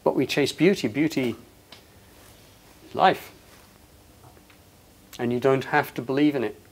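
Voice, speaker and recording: A man giving an impassioned, emphatic inspirational talk to an audience, swinging between loud passages and hushed ones. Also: mid-range voice, a little slow. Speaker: public speaker.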